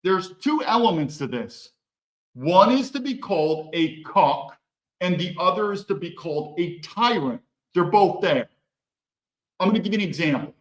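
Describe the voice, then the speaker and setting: A man hosts a solo political commentary monologue, speaking emphatically with blunt, profane language and a string of rhetorical questions. His high-pitched voice swings widely in pitch at normal speed, and the rough recording sounds roomy.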